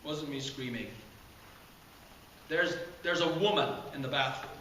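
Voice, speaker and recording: A man's voice: a little high, measured pace, pushed and bright, distant mic, a little hiss or hum. A man reading aloud and voicing a nervous sixth-grade boy who answers hesitantly and stammers. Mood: sheepish. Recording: echoey community center room.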